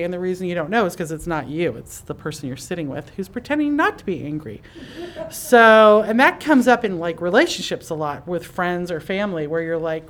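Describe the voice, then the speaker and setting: A woman host explaining ideas casually to a live audience in a conference room. She talks in a chatty way and acts out inner voices with lively jumps in pitch. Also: moderate pace. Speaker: podcast host and psychic teacher.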